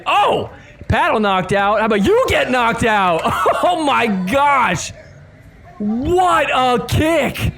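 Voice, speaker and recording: A man hosting a podcast who reacts to sports clips with animated commentary, laughing often and putting on mock voices for the players. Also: high voice, a little hiss or hum. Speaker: podcast host.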